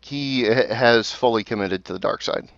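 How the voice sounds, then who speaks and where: A man's voice: medium pitch, normal speed, gravelly, a bit bright, dry recording. A man in casual podcast chat, picking apart movie theories with frequent restarts and self-corrections. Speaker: podcast co-host. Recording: dry, muffled lo-fi audio.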